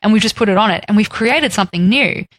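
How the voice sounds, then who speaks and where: A woman's voice: medium pitch, quick pace, dry recording, low-quality recording. A woman co-hosting a casual podcast, chatty and often laughing. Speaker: podcast co-host. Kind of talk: casual chat.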